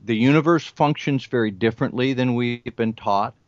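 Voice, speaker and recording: A man's voice: mid-range voice, moderate pace, no echo. Older man, former news reporter, earnest conversational storyteller; dry, muffled recording. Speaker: television news reporter and remote viewer. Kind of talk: conversational interview talk. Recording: dull lo-fi audio, dry.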